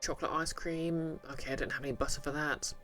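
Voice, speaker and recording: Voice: medium pitch, steady tone, quick pace, a bit bright, faint music behind. A streamer chatting casually while playing a game, reading menu items aloud and answering viewers.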